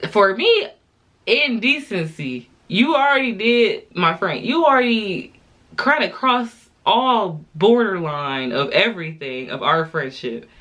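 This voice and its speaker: Talking slowly in an animated, mid-range voice with a bit of brightness, a woman in her twenties relays a story to her viewers. She's tipsy from drinking and doing her makeup, and her chat is casual, slangy and exasperated.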